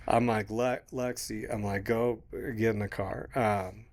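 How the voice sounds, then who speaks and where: Low-voiced man telling a rambling story. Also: steady tone, a little slow, darkish tone. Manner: rambling, swearing, laughing mid-story, quoting others. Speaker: podcast co-host. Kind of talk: casual storytelling chat.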